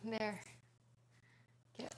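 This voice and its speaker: Slow-talking woman streamer, playful. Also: on the high side, slight background noise. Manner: chatty and playful, answers chat aloud. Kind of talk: casual live-stream chat while cooking. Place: home kitchen.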